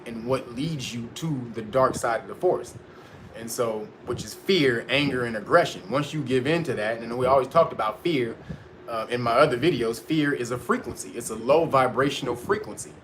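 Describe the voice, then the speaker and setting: A man's voice: mid-range voice, fairly bright tone, a little hiss or hum. A man hosting a casual livestream, talking emphatically, swearing freely and laughing often. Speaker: livestream host.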